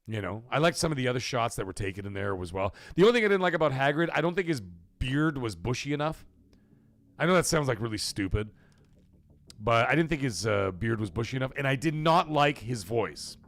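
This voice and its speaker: A man's voice: mid-range voice, expressive, fairly quick, a bit bright. A man hosting a livestream, chatting casually and profanely in a rambling way while reading chat messages. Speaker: livestream host.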